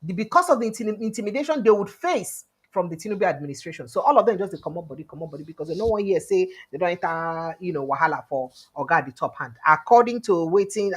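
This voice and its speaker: A Nigerian woman hosting a news vlog, commenting on politics in pidgin and English with animated quoting. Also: on the low side, fast talker, few pauses, slightly rough. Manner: animated, switches between pidgin and English, quotes people in lively voices. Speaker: news vlogger host. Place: indoors, livestream studio.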